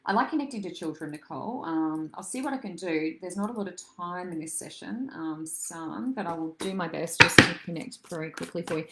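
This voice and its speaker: A woman as a psychic medium doing a live-stream reading. She chats with viewers, calls them darling and love, and wanders through her thoughts with soft fillers. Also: on the low side, fairly quick, few pauses, very noisy. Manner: chatty and meandering, many soft fillers.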